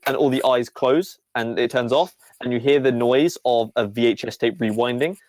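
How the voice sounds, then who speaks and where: A man's voice: mid-range voice, moderate pace, few pauses, darkish tone, no echo. A man narrating a tabletop game as game master, with a rambling, playful delivery full of fillers.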